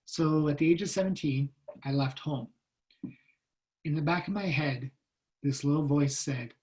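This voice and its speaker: A middle-aged man giving a personal storytelling talk over a video call, animated and acting out the voices of people in his story. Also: a little high, unhurried, long pauses. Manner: animated, acts out quoted voices. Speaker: guest speaker.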